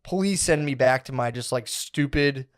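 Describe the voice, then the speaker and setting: A man's voice: medium pitch, measured pace. A man co-hosting a comedy podcast, telling a long story in a loose, rambling way, with "like" and "dude" in every phrase and plenty of swearing.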